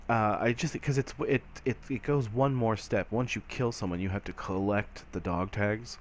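A man's voice: on the low side, normal speed, few pauses, slight background noise. A man casually commentating his own online shooter match, rambling and stammering, often mocking himself. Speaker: gameplay commentator.

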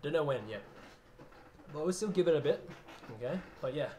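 A man's voice: fairly high pitch, expressive, normal speed, dark tone, a little hiss or hum. A man hosting a casual piano livestream, chatting loosely, reading out viewer names and laughing often. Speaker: livestream host and pianist.

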